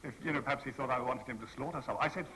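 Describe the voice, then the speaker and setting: A man's voice: medium pitch, racing, bright, forceful tone, slight background noise, low-quality recording. A man in his sixties telling stories on a convention panel, playful and theatrical, acting out the people he quotes. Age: 60s. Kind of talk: anecdotal storytelling to an audience. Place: convention hall panel with an audience.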